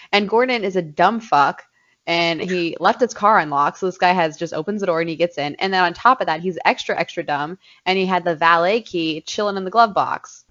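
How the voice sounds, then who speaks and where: A woman's voice: lowish voice, a bit bright. A young woman co-hosting a podcast, telling a story in casual, profane chat and laughing often. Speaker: podcast co-host. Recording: dull lo-fi podcast audio.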